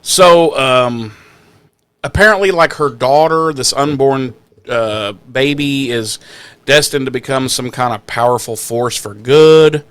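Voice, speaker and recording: A man's voice: medium pitch, slow pace, a bit bright, clean tone, dry recording. A man co-hosting a podcast, recapping an episode in casual, profane, joking chat and acting out lines in silly voices. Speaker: podcast co-host.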